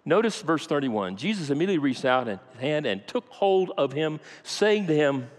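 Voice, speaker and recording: A man's voice: fairly high pitch, big pitch swings, moderate pace, hardly any pauses. A man preaching a sermon in a church, telling a story with dramatic rises and joking asides to the congregation. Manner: dramatic storytelling with acted quotes, rising to loud peaks. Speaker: pastor. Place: church sanctuary. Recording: long reverb of a large church.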